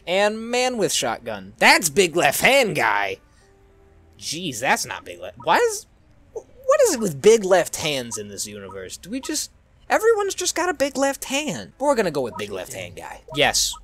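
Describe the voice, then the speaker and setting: Animated young-sounding man playing a video game. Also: medium pitch, a little hiss or hum. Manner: animated, jokey, exclaims at the game. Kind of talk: let's-play commentary.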